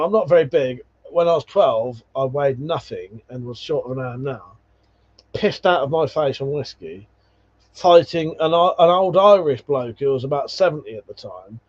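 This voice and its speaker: Man, livestream host, casual chat, swears a lot, laughs often, fairly high voice, dull lo-fi audio. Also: darkish tone. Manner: swearing, laughing, rambling anecdotes. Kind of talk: casual livestream chat reading viewer comments.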